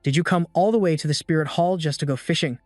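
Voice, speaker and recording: A man's voice: on the high side, fast talker, a little mellow, no echo, studio quality, soft background music, close to an everyday voice. A man voicing an arrogant young male rival player who taunts and mocks. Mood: taunting. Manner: mocking.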